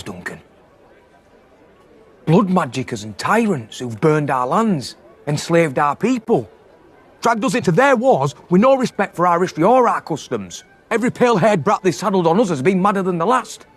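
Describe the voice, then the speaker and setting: A raspy drunk young knight ranting bitterly. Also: male voice, high-pitched, very animated, moderate pace, exaggerated voice. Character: young male knight, drunk, ranting against the royal family. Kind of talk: TV drama acting.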